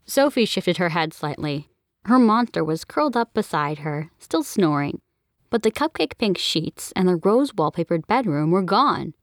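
Brief: woman narrator, animated storybook read, very dry close mic. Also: lowish voice, moderate pace, no room sound. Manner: expressive, even storytelling. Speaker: audiobook narrator.

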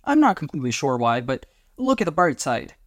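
A man's voice: a little high, big pitch swings, fairly quick, no echo, clean studio sound. A man reading a story aloud, voicing a fussy male alien commander who talks in a nervous, reassuring and pedantic way.

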